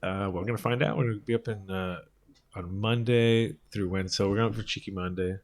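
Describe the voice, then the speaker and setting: A man with a very deep voice talks quickly in a relaxed panel chat. He rambles easily and fills his sentences with "uh" and "you know.". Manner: relaxed, rambling, lots of fillers. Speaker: panel guest. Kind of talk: casual chat. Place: social club at a trade fair.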